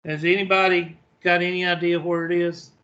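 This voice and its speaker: A man's voice: high-pitched, little pitch movement, brisk, pushed and bright, dull audio. A man teaching a math class online, flustered and talking to himself as he searches for something.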